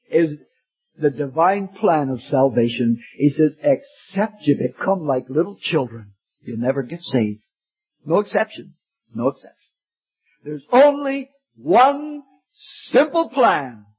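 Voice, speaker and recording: A man's voice: fairly high pitch, slightly rough. A man preaching an emotional sermon, repeating his points and calling the listener "friend". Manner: emphatic, repeating phrases, addresses listener as friend. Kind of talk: evangelistic sermon. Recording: dull lo-fi sermon recording.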